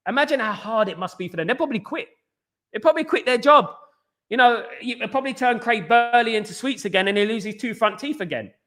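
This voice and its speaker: A man hosting a live fan stream, talking very fast and answering viewer comments in casual chat. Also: extremely high pitch, animated, fairly bright tone.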